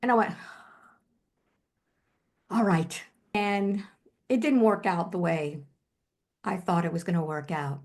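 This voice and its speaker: An older woman, a hypnotherapist, telling a personal story in an interview in an animated way, quoting herself and using many fillers. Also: fairly low pitch, normal speed. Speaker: hypnotherapist guest.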